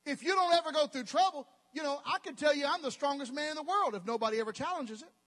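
A man's voice: extremely high pitch, fast talker, fairly bright tone, in a large hall. A male pastor, preaching emphatically with folksy, joking asides. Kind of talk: sermon.

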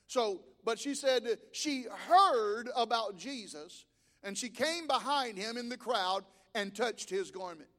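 A male pastor preaching a sermon in a church, emphatic, with sudden rises and drops in pitch and volume. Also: expressive, slow pace, a bit bright, in a large hall. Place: church sanctuary.

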